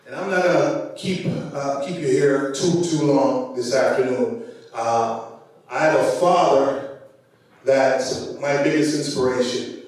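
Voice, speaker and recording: A man's voice: mid-range voice, takes it slowly, distant mic. Jamaican man speaking in an echoey hall. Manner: conversational and warm-hearted, frequent fillers and repeated words. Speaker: conference speaker. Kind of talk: motivational speech. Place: large conference hall.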